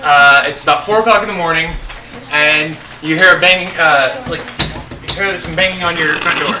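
A man running a tabletop role-playing game, narrating scenes in a relaxed way with frequent "uh" pauses. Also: a little high, background noise. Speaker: game master.

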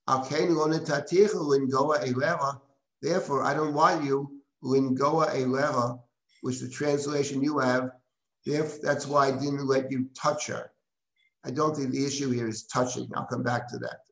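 A man's voice: mid-range voice, steady tone, moderate pace, fairly bright tone. A man teaching a live text-study class, reading Hebrew verses aloud and then translating and explaining them with frequent restarts. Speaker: rabbi teaching a Bible class. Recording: roomy echo.

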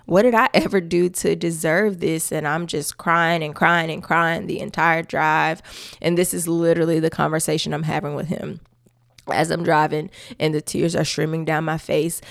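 A woman's voice: deep voice, vocal fry, no echo, studio quality. A woman hosting a podcast, sharing her faith testimony in a conversational, emphatic way with asides to her listeners and frequent laughter. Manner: expressive and emphatic, with church-style asides to listeners; laughs often while telling her story.

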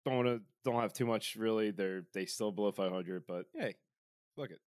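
A man's voice: on the low side, normal speed, darkish tone, clean tone, no echo, studio quality. A young man hosting a casual sports podcast, rambling and profane with lots of fillers. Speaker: podcast host.

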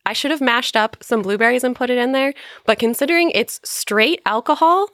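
A woman's voice: on the high side, fairly quick, a bit bright, no room sound, clean studio sound. Chatty woman on a podcast. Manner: chatty, rambling storytelling. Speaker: podcast player. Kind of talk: casual chat.

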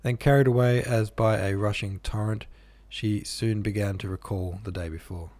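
A man narrating a classic novel aloud in a measured, even manner. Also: fairly low pitch. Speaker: audiobook narrator.

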